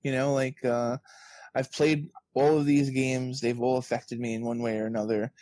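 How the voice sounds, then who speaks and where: A man's voice: medium pitch, moderate pace, dry recording. A man guest on a podcast, chatting casually as an author and acting out quoted exchanges with lots of energy. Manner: animated storyteller, acts out quoted exchanges.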